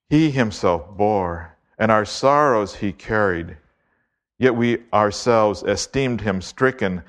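Male preacher, low-pitched, emphatic and deliberate; expository sermon delivery. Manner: emphatic, deliberate, slows to stress key words.

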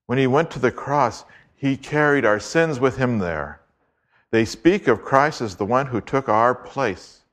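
A man preaching an expository sermon, reading scripture aloud and slowing down to stress key words. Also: mid-range voice, lively intonation, a bit bright. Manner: emphatic, deliberate, slows to stress key words.

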